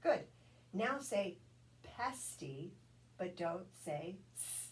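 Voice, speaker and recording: A woman tutoring one-on-one in a phonics drill, patient and encouraging, sounding out each letter slowly. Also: medium pitch, animated. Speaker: reading tutor. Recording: distant mic with faint background noise.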